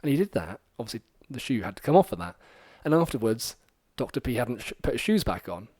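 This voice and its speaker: A man's voice: medium pitch, fast, breathy edge, no room sound. Man podcast host, casual rambling storyteller, fillers, mid-range voice, dry close sound. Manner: rambling and animated, many fillers, acts out quoted lines.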